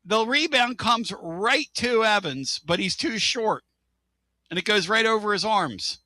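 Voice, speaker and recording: A man's voice: sits high, animated, measured pace, bright, forceful tone, no room sound. A man hosting a sports talk show, ranting with exasperation and sarcastic asides. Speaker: sports talk radio host.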